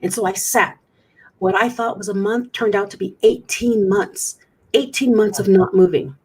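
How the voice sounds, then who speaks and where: A woman's voice: medium pitch, steady tone, normal speed, a little mellow, husky. A middle-aged woman, a guest on an interview show, candidly recounting a personal story with frequent restarts. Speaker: guest speaker.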